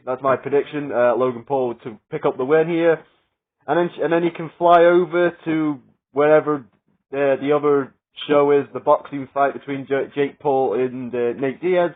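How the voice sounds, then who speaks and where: A man with a slightly high voice talks through his picks in a loose, rambling way. He leans on fillers and laughs at his own jokes. The sound is thin and boxed in, like a phone line. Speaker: wrestling predictions vlogger. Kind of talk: casual solo predictions commentary.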